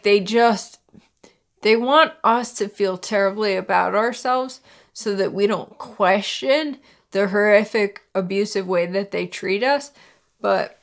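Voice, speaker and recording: A young woman talking candidly to camera in a personal vlog, with lots of fillers and sarcastic asides. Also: mid-range voice. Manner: candid, frequent "like" and "you know", sarcastic asides. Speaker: vlogger.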